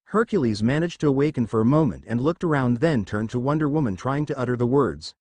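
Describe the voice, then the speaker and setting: A man narrating a superhero fan-fiction story in a mid-pitched voice. His delivery is animated, with a lively rise and fall. The recording is dry, with no room sound. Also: quick pace, no echo. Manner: dramatic storytelling.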